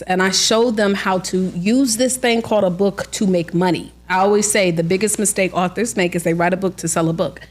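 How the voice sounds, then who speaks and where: Woman, book coach, podcast guest, casual storytelling, filler-heavy, laughs often. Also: medium pitch. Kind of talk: casual interview chat.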